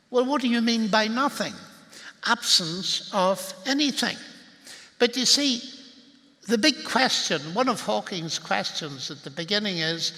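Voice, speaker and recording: A man's voice: high-pitched, animated, measured pace, pushed and bright. An older man with a Northern Irish accent giving a wry, argumentative public lecture. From Northern Ireland. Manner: wry, argumentative, building to punchlines. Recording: long reverb of a large hall.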